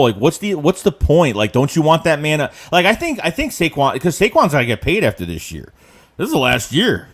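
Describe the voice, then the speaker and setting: A man hosting a sports podcast livestream, chatty and animated, talking with his co-host and reading viewer comments aloud. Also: on the high side, brisk. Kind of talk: casual sports chat livestream.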